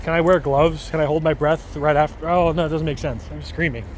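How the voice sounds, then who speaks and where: At night on a city street, a man live-streams outdoors, answering viewers' messages in a rambling, joking way and often breaking into laughter. His voice is a little high, steady, and a little fast, with faint traffic and street ambience behind him.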